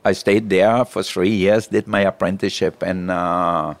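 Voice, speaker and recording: A man's voice: low voice, measured pace, no echo. A middle-aged man, a chef, telling stories in an interview and acting out the lines he quotes. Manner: animated storyteller who acts out quoted lines. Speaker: chef and guest. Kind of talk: storytelling interview.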